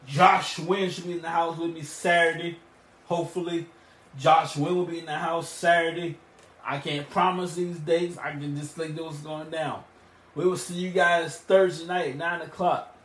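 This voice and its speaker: A man hosting a wrestling podcast on his own, recapping matches and plugging shows in an excitable, rambling way. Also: on the high side, normal speed, roomy sound. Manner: excitable, rambling, with restarts and emphatic bursts. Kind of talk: solo podcast recap and show plugs.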